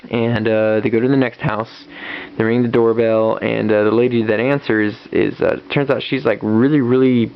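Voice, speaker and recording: A man retells a comic book's story in a casual, rambling review, packed with fillers and restarts. His medium-pitched voice is level and moderately paced, and the dull lo-fi recording carries a little hiss or hum.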